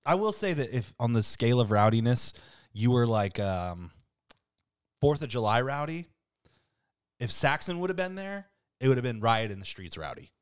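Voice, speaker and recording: A man hosting a casual podcast, telling stories in an animated way and swearing freely. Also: medium pitch, moderate pace, long pauses, clean tone, no echo, studio quality. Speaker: podcast host. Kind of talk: casual chat.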